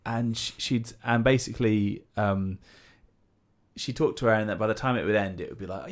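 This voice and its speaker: Deep-voiced fast-talking British man. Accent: British English. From Britain. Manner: rambling storyteller who acts out quoted people. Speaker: podcast co-host. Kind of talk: casual chat.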